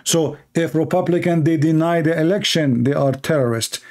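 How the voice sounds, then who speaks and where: A man's voice: on the high side, moderate pace, darkish tone. Fiery Arabic-accented male preacher. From Middle East. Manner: emphatic, repetitive exhortation with short punchy lines. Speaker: Christian preacher. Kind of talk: fiery political sermon.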